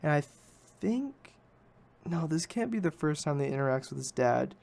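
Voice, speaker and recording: A man's voice: on the high side, lively intonation, moderate pace, vocal fry, a little mellow. Rambling man recapping a movie. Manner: rambling, self-correcting, hedges often. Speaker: podcast host.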